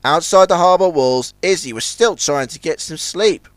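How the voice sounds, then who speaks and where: A man narrating a children's storybook in a scripted, expressive reading. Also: a little high, normal speed, no echo.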